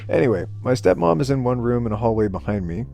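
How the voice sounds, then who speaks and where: A man with a gravelly, dark voice reads online stories aloud for his channel, casual and amused. Faint music plays under him. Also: mid-range voice, animated, fast talker, highs cut off. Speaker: YouTube storyteller. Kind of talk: reading Reddit stories aloud.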